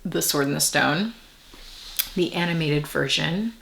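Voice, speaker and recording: A woman giving a casual tarot reading to camera, musing and meandering, with soft whispered asides. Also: on the low side, measured pace, gravelly, long pauses, a little hiss or hum. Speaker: tarot reader.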